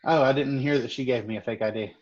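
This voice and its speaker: A man's voice: mid-range voice, quick pace. Male tabletop player, casual, stammers and curses, muffled mic. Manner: swearing, stammering.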